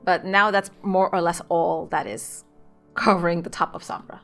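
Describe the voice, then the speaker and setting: A woman playing a tabletop game, talking briskly and telling others what to do. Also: fairly low pitch, fairly even intonation, vocal fry, a bit bright, soft background music. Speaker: player. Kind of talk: casual tabletop play.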